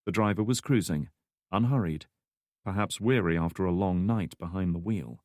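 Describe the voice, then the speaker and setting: A man narrating a thriller audiobook in a steady, measured way. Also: low voice, dry recording, studio quality. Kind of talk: scripted narration.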